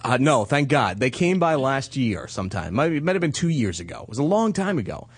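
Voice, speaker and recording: A man's voice: medium pitch, brisk, slightly rough. A man in his thirties in casual chat, animatedly telling a story and acting out the people in it. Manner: animated storyteller, acts out quotes.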